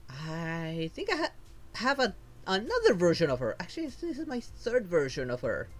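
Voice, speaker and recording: A man's voice: high voice, huge pitch swings, normal speed, a little hiss or hum. A man streaming as a VTuber, casually thinking aloud while he pulls and sorts game rewards. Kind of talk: casual gameplay commentary.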